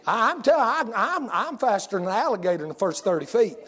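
A man's voice: high-pitched, very animated, fast talker, a bit bright, in a large hall. A man preaching a sermon, telling folksy stories that rise into hollering. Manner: folksy storytelling, rising to hollering.

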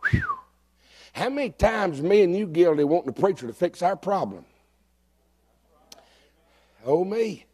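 High-voiced preaching man. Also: animated, a little slow, long pauses, husky. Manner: swings from shouted, climbing preaching to low, confessional talk. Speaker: pastor. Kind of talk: sermon.

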